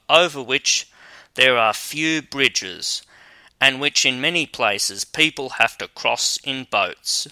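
Slow, bright-voiced male storyteller. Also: medium pitch, smooth, no echo. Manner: measured, even reading. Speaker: audiobook reader. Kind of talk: storybook narration.

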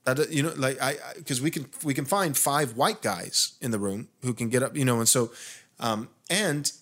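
A pastor from the United States hosts a podcast, telling a long story in casual conversation at a moderate pace and medium pitch. He is animated, restarts often, and his intensity rises as he grows indignant.

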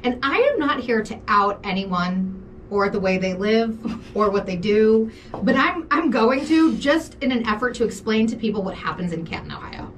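A woman's voice: medium pitch, normal speed, distant mic, slight background noise. A woman co-hosting a podcast, telling a story in casual chat with lots of swearing and laughter. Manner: animated, profane, laughs often while telling stories. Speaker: podcast co-host.

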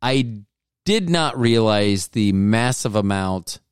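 Rambling, lively-voiced male podcast host. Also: lowish voice, slow pace, clear, resonant tone, no echo, clean studio sound. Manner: rambling, self-mocking, jokey asides. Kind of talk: casual rambling monologue.

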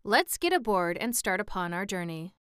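A woman voicing a kind, wise male scarecrow in a storybook reading, measured and gentle. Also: mid-range voice, very animated, smooth, no room sound, clean studio sound. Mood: kindly. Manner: kindly, measured. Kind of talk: audiobook reading.

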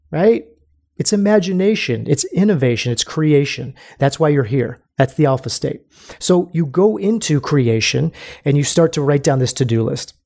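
A man talking as a life coach on a motivational podcast, animated and casual, calling the listener bro. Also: medium pitch. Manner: animated, calls the listener bro, acts out the whiny inner voice.

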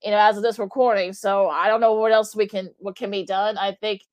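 A woman's voice: medium pitch, level tone, brisk. Chatty woman co-hosting sports radio. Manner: conversational, many fillers like "you know" and "look". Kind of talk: casual radio sports talk.

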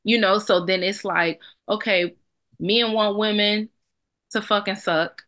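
A woman's voice: mid-range voice, steady tone, unhurried, a bit bright. A young adult woman co-hosting a podcast, talking bluntly and emphatically with plenty of profanity. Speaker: podcast co-host. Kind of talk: casual podcast chat.

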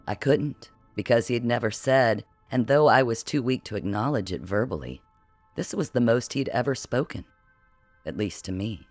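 A man narrating a first-person audiobook in a measured, somber way. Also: on the low side, no echo, soft background music.

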